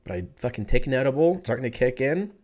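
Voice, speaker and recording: A man's voice: mid-range voice, lively intonation, quick pace, a little mellow. A man in his thirties from California, telling a rambling, profane story in a laid-back, self-mocking way. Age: 30s. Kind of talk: casual storytelling monologue.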